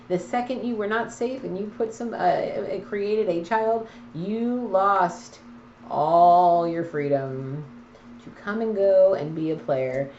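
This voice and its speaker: A woman's voice: mid-range voice, slow, a little mellow, a little hiss or hum. A woman giving a casual intuitive card reading, blunt and preachy with a teasing edge. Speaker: tarot card reader. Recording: echoey, slightly dull room sound.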